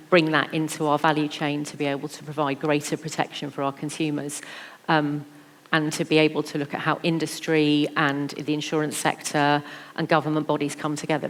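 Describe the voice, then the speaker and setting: A woman speaking on a conference panel in a measured way with some fillers. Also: low-pitched. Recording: reverberant conference hall.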